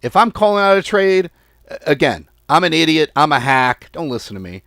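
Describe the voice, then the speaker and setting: A male trading host speaks in casual, blunt commentary, exasperated with his audience and not shy about swearing. His delivery is animated, with pitch swinging widely from line to line. The sound is close and dry, with no room around it. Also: brisk, no room sound. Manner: lively, swings pitch and volume. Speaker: forex trading channel host. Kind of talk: casual market commentary to viewers.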